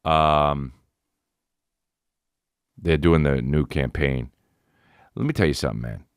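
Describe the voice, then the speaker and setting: A man's voice: very deep voice, takes it slowly, clean tone, no echo, clean studio sound. A man hosting a podcast, ranting in a loose, profane, rambling comedic way. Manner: rambling, profane, animated, breaks into sung snippets. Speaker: podcast host. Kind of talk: casual comedic rant.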